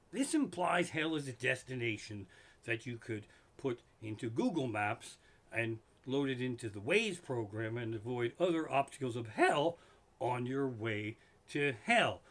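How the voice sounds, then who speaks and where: A middle-aged man, a stand-up comedian, doing an exasperated, profane comedy rant live from his living room. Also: medium pitch. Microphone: microphone in front of him.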